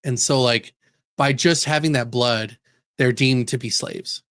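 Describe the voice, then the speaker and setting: A man co-hosting a podcast, recounting stories in animated casual chat. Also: mid-range voice, unhurried, no room sound, studio quality. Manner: animated storyteller, laughs while talking. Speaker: podcast co-host.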